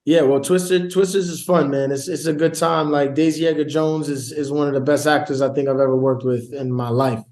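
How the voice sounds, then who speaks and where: A man's voice: fairly high pitch, fairly even intonation, fairly quick, few pauses, darkish tone. A man with a New York accent, a guest actor chatting loosely in slang with many restarts. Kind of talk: casual interview chat.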